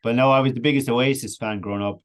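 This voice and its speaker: An Irish man, a podcast guest, telling a wild party story in casual, animated fashion with frequent laughs. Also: mid-range voice, fast talker. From Ireland. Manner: animated anecdotal, laughs often.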